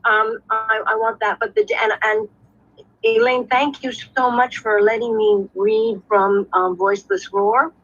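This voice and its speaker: A chatty woman joining a livestream over a video call, rambling and poking fun at herself. Her voice is fairly high and husky, and the audio comes through dull and lo-fi. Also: animated, measured pace, a bit bright. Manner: chatty, self-mocking, rambling with fillers. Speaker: guest writer and actor. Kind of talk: casual video call chat.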